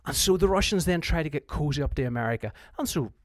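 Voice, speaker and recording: A history teacher with a fairly high, expressive voice speaks at a quick pace in a dry, clean studio recording. He explains history informally and conversationally, frequently restarting sentences and acting out what leaders said.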